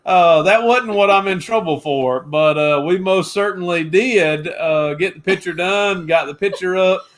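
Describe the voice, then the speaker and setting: Loud folksy preacher man. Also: high voice, measured pace, hardly any pauses. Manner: folksy, loud and projecting, greets viewers by name. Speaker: pastor and co-host of a reseller livestream. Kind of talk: casual livestream chat.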